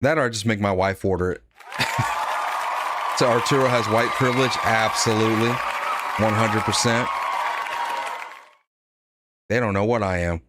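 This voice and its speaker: A man's voice: fairly low pitch, a little slow, long pauses, over a noisy crowd, heavy background noise. A man giving blunt, sarcastic live-stream commentary, reading out donations and laughing at his own jokes. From United States.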